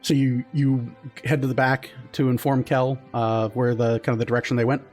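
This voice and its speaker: A man's voice: medium pitch, level tone, normal speed, darkish tone, faint music behind. A man narrating as game master in a loose, casual way with many fillers.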